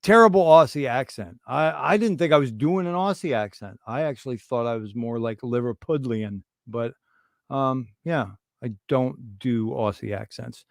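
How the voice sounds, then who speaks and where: A man rambling through irreverent, conspiratorial banter as he hosts a casual livestream chat. His voice sits at an ordinary mid pitch. The sound is dry and close, with no room echo. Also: animated, normal speed, vocal fry. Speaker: livestream host.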